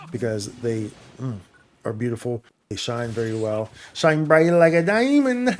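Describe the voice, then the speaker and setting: A man's voice: medium pitch, a little mellow. A man giving an enthusiastic, casual rundown of game updates, tossing in slang like "y'all" and "bro" as he talks to his viewers. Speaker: gaming YouTuber. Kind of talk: excited gameplay update commentary.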